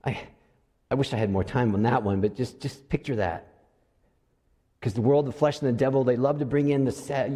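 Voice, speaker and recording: A middle-aged man preaching a sermon in a church, telling stories with animated swings between loud and soft delivery. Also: medium pitch, brisk, long reverb tail. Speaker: pastor. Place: church sanctuary.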